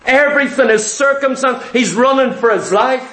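A man preaching a sermon in an emphatic, repetitive style that at times rises to shouts. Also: very high-pitched, moderate pace. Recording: echoey room.

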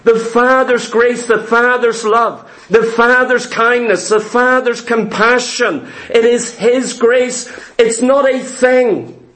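Slow high-voiced male preacher. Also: steady tone, a bit bright, rough recording. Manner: emphatic, repeats key words, asks the congregation questions. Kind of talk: sermon.

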